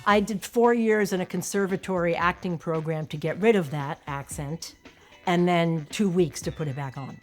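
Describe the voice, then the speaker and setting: A woman's voice: lowish voice, fairly quick, hardly any pauses, soft background music. A woman from Long Island, an actress speaking candidly and conversationally in an interview, with a self-deprecating manner, on a close mic. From Long Island, New York. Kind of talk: casual interview reflection.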